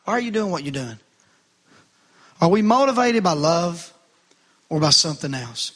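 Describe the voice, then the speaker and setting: A bright, high-pitched male preacher in the middle of a fervent sermon. He speaks straight to the congregation, asking them questions and pressing them to answer. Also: very animated, moderate pace, slightly rough. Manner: preaching with rising fervor, calls to the congregation.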